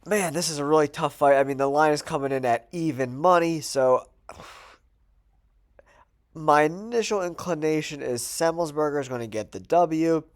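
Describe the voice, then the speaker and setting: A man's voice: on the high side, normal speed. A man hosting his own channel, sounding nasal from a cold, chatting casually through his betting picks and thinking aloud with fillers. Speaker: host. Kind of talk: casual betting predictions monologue.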